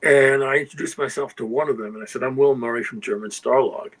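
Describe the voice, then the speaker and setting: On poor audio, a guest writer, an older man, speaks fast in a mid-range voice. He shares casual anecdotes in a rambling conversational manner, often adding "you know" and "okay?" to check in with listeners.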